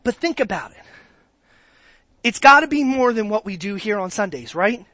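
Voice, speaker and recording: A man's voice: high voice, big pitch swings, normal speed, bright, forceful tone, no room sound. A man preaching a sermon as pastor, talking to the congregation conversationally, asking rhetorical questions and repeating his words.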